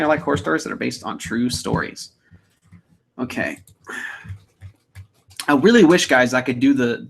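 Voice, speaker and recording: A man's voice: mid-range voice, vocal fry, a little hiss or hum. A young man, chatting casually on a livestream, reading out viewer comments in an upbeat, rambling way. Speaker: livestream host.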